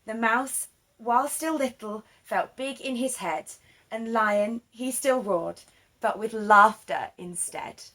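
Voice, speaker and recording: A woman with a fairly high voice reads a rhyming children's story aloud. She takes her time, unhurried and gentle in pace, giving each line an expressive, sing-song lilt.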